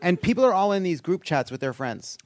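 A man's voice: high-pitched, very animated, fairly quick, heavy background noise. A man hosting a comedy podcast panel, dryly thanking guests and moving on between topics. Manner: wry, dry thank-yous. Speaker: podcast host.

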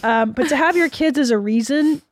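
A woman's voice: high voice, a little fast, dry recording, studio quality. A woman hosting a podcast, chatting candidly and swearing freely. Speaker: podcast host. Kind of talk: casual podcast chat.

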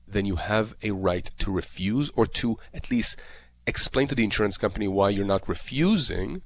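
A man with a fairly low pitch and lively intonation speaks at normal speed as a disability lawyer guest expert on call-in radio. Emphatic and repetitive, and full of fillers, he walks through disability insurance claims.

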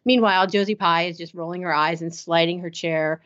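A woman's voice: on the low side, steady tone, fairly quick, a bit bright. A woman co-hosting a casual episode recap, enthusiastic and laughing often. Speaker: podcast co-host. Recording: slightly muffled sound.

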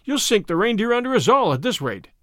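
A cowardly, trembling male deputy, as a male storyteller puts him on, whining and whimpering in a lively, raised voice. The recording is dry and close, with no room sound. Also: sits high, a little fast, no room sound.

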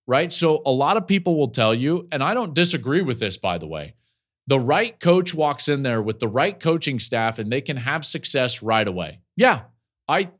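In podcast commentary, a college football analyst in his forties talks through the week's news with a mid-range voice that moves widely in pitch, regularly breaking off for laughing asides and quick stories.

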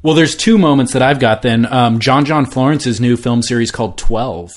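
Teasing podcast co-host. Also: male voice, medium pitch, normal speed. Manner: animated, teasing banter with emphatic stresses. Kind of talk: casual surf chat.

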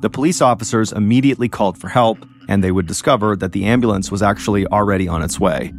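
A man hosting a podcast, telling a true-crime story in a measured, suspenseful scripted narration. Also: fairly low pitch, soft background music. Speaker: podcast host.

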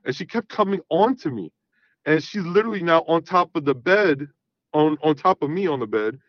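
A man's voice: a little high, lively intonation, normal speed, dry recording, highs cut off. A man in his thirties calling in, telling a long story casually and rambling with fillers. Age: 30s. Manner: rambling, repeats fillers like "you know what I mean". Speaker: caller. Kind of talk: casual storytelling on a call-in show.

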